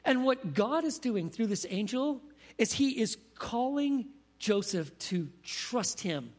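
A man preaching a sermon as pastor, animated, asking his congregation questions as he teaches. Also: very high voice, takes it slowly. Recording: long reverb of a large hall.

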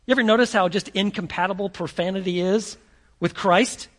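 A man preaching a sermon in an animated, conversational way, acting out the scenes he describes. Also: high-pitched, brisk. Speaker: pastor.

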